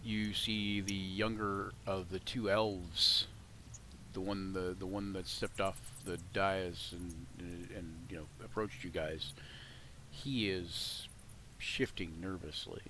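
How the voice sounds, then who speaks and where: A man runs a tabletop game as game master, narrating in halting bursts full of restarts. His voice is a little low. Faint background noise runs under it. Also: flat delivery, bright, forceful tone.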